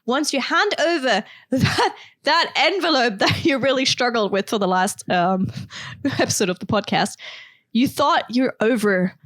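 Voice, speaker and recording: A woman's voice: a little high, expressive, measured pace, a bit bright, no room sound. A woman co-hosting a podcast in a bubbly chatty way, explaining Japanese words and phrases. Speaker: podcast co-host. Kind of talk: casual comedic chat.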